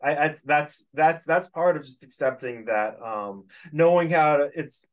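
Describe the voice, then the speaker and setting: A man of middle pitch hosting a casual podcast chat. He stops and restarts his phrases and repeats words as he thinks aloud. His voice sits a bit back from the microphone. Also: distant mic. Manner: halting, repeats words while searching for thoughts. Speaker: podcast host. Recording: voice set back from the mic.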